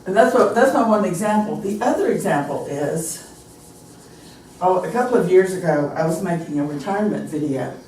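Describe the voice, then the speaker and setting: A woman's voice: fairly low pitch, normal speed, recorded from a distance, a little hiss or hum. An American woman teaching a pronunciation class, telling anecdotes and acting out example phrases. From United States. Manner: animated storytelling, acts out example phrases. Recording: echoey room, recorded from afar.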